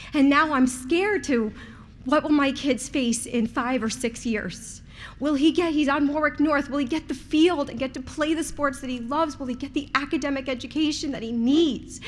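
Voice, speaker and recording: A woman in her thirties, a resident speaking at a school committee meeting, nervous and tearful as she pleads in an emotional, heartfelt way. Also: high-pitched. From outside Rhode Island. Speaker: resident giving public comment.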